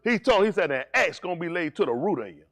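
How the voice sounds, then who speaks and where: A male pastor preaching a sermon, swinging between low, steady teaching and high, shouted preaching, teasing members of his congregation. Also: quick pace, no echo.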